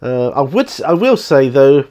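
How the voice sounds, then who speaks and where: Speaking to camera via its built-in mic, a hobby channel host chats casually in his home studio. His mid-range voice is sing-song and a little mellow at a measured pace, and his talk rambles, full of fillers and restarts.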